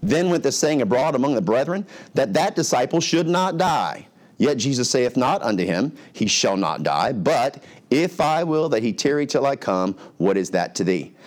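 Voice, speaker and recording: A man's voice: mid-range voice, big pitch swings, normal speed. A conversational middle-aged male pastor. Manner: conversational, acts out characters' lines. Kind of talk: expository sermon.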